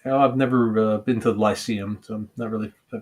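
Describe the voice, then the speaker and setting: A man talking casually about a song's meaning in a halting, hesitant way, often pausing and restarting. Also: on the low side, fairly even intonation, a little mellow. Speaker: vlogger discussing a song. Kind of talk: casual musing monologue.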